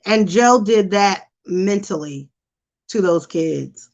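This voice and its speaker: A woman hosting a casual live stream, chatting and reacting in an animated, talkative way. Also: medium pitch, slow, dull audio. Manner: chatty, animated, imitates voices for effect. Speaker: host.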